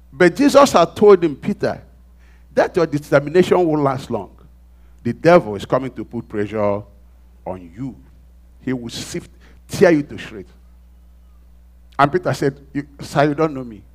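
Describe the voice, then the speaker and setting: A man preaching a sermon, dramatically acting out quoted voices and swinging from loud exclamations to hushed asides. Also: fairly high pitch.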